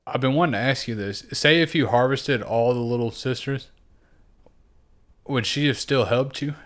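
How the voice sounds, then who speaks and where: Casting: relaxed man, podcast co-host, clear smooth tone, swears freely while recapping. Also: mid-range voice, moderate pace. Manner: animated retelling with acted-out quotes; profane and laid-back. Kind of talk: casual chat.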